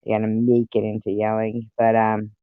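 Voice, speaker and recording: A man's voice: lowish voice, completely flat delivery, moderate pace, smooth, dry recording, phone-quality sound. A man hosting a livestream in casual chat, rambling to his viewers and cursing at his pets between topics. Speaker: livestream host. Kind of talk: casual chat with a live audience.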